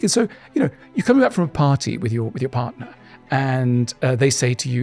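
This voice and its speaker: Animated middle-aged man with a husky voice. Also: medium pitch, quick pace, faint music behind. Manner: animated, acts out voices in quotes. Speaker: guest author. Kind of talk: interview answers.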